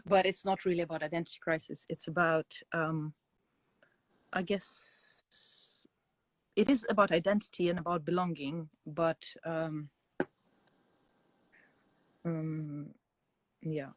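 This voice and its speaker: A woman on a video call reading her own poems and speaking about them in a hesitant way, with many pauses and fillers. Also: low voice, fairly even intonation. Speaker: guest poet.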